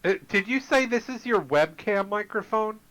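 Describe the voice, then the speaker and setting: A man's voice: high-pitched, lively intonation, moderate pace, fairly bright tone. A man playing a tabletop game over voice chat, persistent and prone to repeating his questions. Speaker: player.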